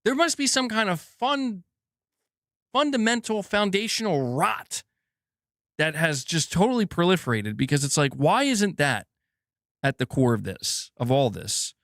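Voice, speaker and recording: A young man hosting a gaming news live stream, ranting in a heated, profane flow packed with filler words. His voice sits a bit high for a man. The sound is dry and close, with no room around it. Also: very animated, measured pace, fairly bright tone, no room sound. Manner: heated ranting, heavy swearing, many fillers. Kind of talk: live stream commentary, reading super chats.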